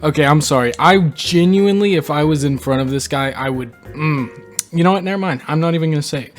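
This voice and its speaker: A young man hosting a reaction video, reading posts aloud and reacting with animated disbelief. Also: a little high, quick pace, soft background music. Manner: incredulous, animated, reads quotes aloud and reacts. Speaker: channel host reading posts. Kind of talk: reaction commentary.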